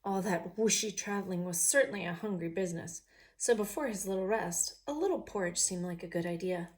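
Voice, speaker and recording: Woman reading storybooks to kids, with questions to the viewer. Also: medium pitch. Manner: pauses to ask the viewer questions. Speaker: picture book reader. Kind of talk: reading a picture book aloud.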